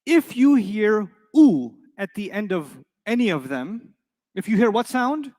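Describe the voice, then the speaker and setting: In a classroom, a man with a high-pitched voice lectures on Arabic grammar, playful and animated as he fires quick questions at his students.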